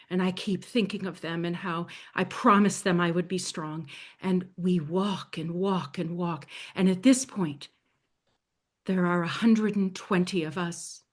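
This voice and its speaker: A woman telling a dramatic story in the first person, speaking in a hushed voice that often sinks to a soft near-whisper. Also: on the low side.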